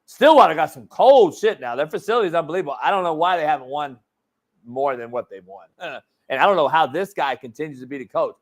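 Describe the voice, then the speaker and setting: A man's voice: fairly high pitch, animated, fast. A man hosting a sports talk show, joking and cursing in casual banter, restarting his sentences often. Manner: profane, rambling, joking with stammered restarts. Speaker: show host.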